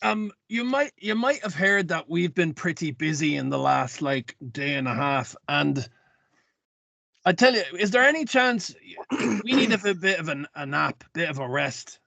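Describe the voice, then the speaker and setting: Gravelly, bright player, dry sound. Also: male voice, fairly high pitch, expressive, unhurried, no echo. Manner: wheedling, jokey. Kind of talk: casual game chat.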